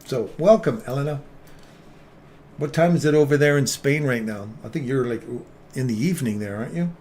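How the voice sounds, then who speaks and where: A man's voice: mid-range voice, a little fast, darkish tone, a little hiss or hum. Chatty man hosting a live stream. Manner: chatty, jokey, greets viewers by name. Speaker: trading stream host. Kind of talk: casual live-stream chat.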